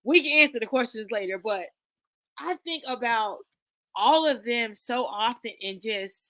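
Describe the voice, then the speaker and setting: A woman who is a guest on a podcast, telling personal stories in an expressive, chatty way and often chiming in with agreement. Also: fairly high pitch, no room sound. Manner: expressive, chatty, quick to affirm. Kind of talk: casual storytelling chat.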